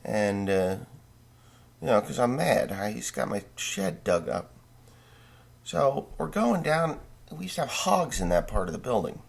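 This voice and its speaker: A male farmer vlogger casually tells a long, rambling story about a dream, swearing a lot and correcting himself. His mid-range voice is husky with vocal fry, sing-song and unhurried.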